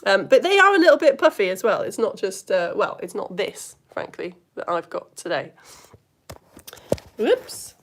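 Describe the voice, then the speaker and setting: Lively, chatty woman teaching science. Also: medium pitch, normal speed. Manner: chatty, enthusiastic, asks the viewers questions. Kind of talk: live online science lesson.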